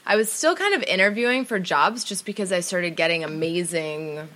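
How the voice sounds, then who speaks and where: A young woman from New York, chatting as a guest in an interview and telling stories in a casual way, sometimes dropping to a quiet voice. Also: fairly low pitch, moderate pace.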